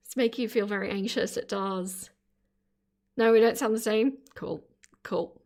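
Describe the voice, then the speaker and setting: A woman's voice: medium pitch, takes it slowly, pauses often, warm tone. A woman with an Australian accent hosting a reaction stream in casual, chatty talk, laughing often. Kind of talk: casual chat.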